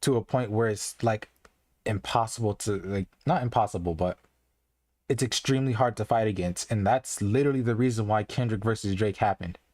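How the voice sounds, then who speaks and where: A man's voice: fairly low pitch, brisk, darkish tone, no echo. A young man talking to his live-stream chat in a loose, earnest way, rambling and restarting often with lots of "like". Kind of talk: casual live-stream commentary.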